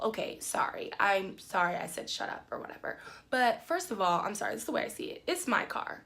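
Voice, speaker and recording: A young woman talks straight to her followers in a loose storytime vlog. She rambles with plenty of "like" and "um", and her voice shoots up high when she gets indignant. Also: normal speed, hardly any pauses. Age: young adult. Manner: animated, rising high when indignant, many "like" and "um" fillers. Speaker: vlogger.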